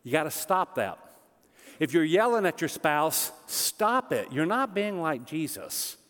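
Man, pastor, sermon, conversational, joking with the congregation, slightly high voice, long hall reverb. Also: very animated, a little slow, fairly bright tone.

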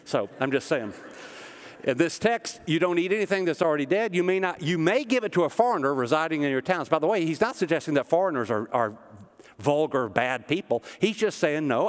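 A man's voice: fairly high pitch, big-room sound. A man from the American South preaching a conversational sermon with joking asides, as pastor. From American South, Tennessee. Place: church auditorium.

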